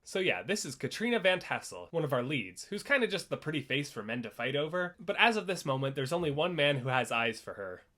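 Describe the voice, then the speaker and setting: A young man reviews a play in a sarcastic, chatty vlog. His voice is fairly high and very lively, bouncing up and down as he jokes. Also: a little fast, few pauses. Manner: sarcastic, animated commentary. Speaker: theater reviewer.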